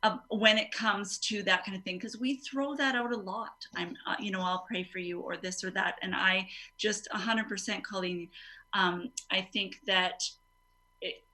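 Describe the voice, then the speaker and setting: Bright-voiced woman, earnest and animated. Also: medium pitch, normal speed. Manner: earnest, animated, faith-minded. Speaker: panel guest. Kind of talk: panel discussion.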